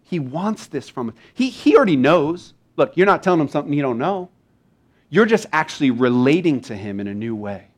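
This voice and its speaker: A male pastor preaching in a relaxed, conversational way. His voice sits a little high and moves a lot, rising and falling as he acts out short exchanges. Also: a little fast. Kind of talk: sermon.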